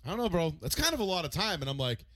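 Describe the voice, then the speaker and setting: A man co-hosting a casual chat show, telling a story in an excitable, profane way with loud re-enacted outbursts. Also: on the high side, racing, dry recording. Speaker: podcast co-host.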